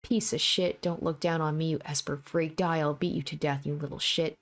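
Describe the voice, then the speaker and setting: The hateful inner voices of vicious young male thugs, read by a woman, full of snarling, profane threats. The voice stays low and close to an everyday reading voice. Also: fairly even intonation, fairly quick.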